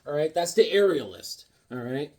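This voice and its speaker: A man's voice: fairly high pitch, animated, normal speed, darkish tone. A man casually chatting about his comic books, rambling and cracking corny one-liners. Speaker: comic book vlogger. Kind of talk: casual comedic chat.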